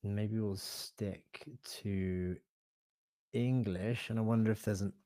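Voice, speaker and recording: A man presenting a live online software demo, thinking aloud in a relaxed, hesitant way with fillers and self-corrections. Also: fairly low pitch, slow, no room sound. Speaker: webinar presenter.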